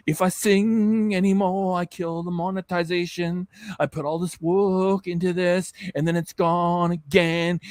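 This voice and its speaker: A man with a notably high speaking voice hosts a reaction livestream in loose, rambling chat. He jokes constantly and drifts into silly voices. The sound is dry and close. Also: flat delivery, unhurried, hardly any pauses, a little mellow, dry recording. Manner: jokey, rambling, keeps slipping into silly voices. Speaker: reaction channel host.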